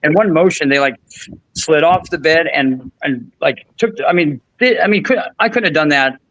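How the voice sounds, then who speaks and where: A man's voice: fairly high pitch, lively intonation, normal speed, a bit bright, rough recording. A man hosting a podcast, telling a long story in casual chat with frequent restarts and fillers. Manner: rambling, many restarts and fillers. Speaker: podcast host.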